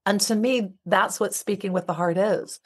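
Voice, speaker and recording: Woman, middle-aged, relationship author, heartfelt, emphatic, podcast guest, mid pitch. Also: fairly even intonation, moderate pace, husky. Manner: heartfelt, emphatic, repetitive phrasing. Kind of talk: podcast interview.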